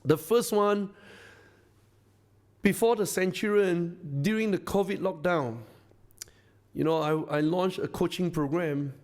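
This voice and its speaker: Here the founder's voice is high, his pace measured, and he pauses often. He speaks with a Singaporean English accent, delivering an effusive, repetitive talk to a masterclass audience to rally them.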